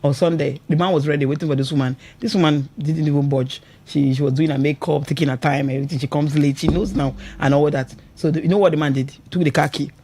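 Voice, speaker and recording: A woman's voice: deep voice, fast talker, hardly any pauses, a little hiss or hum. A woman with a Nigerian English accent hosting a radio show, chatting about marriage with a lot of emotion and laughing often. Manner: animated, emotional, laughs often, asks "you understand?". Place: radio studio.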